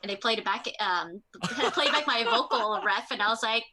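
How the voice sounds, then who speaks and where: A woman's voice: mid-range voice, normal speed, background noise. A woman, a voice actress, chatting casually and a little rambly at an online workshop. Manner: rambling, chatty, many fillers. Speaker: voice actress host.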